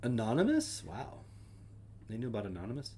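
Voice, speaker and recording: A man's voice: medium pitch, wildly swooping pitch, a little fast, dark tone, slight background noise. A man chatting casually on his own stream, with a mid-range voice. He reads through a list in a wry, offhand way and mutters dry asides under his breath. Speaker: streamer host. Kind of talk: casual solo chat, reading names aloud.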